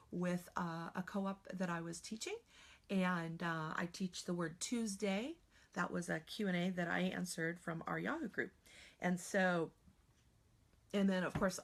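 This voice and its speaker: A woman spelling trainer teaching patiently during a live online Q&A, with frequent fillers, recorded in a home setup. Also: on the low side.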